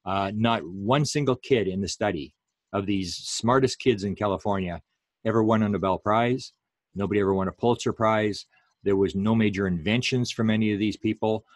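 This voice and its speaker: A man's voice: lowish voice, moderate pace, no room sound. A man giving an online lecture, talking unhurriedly with many fillers and restarts.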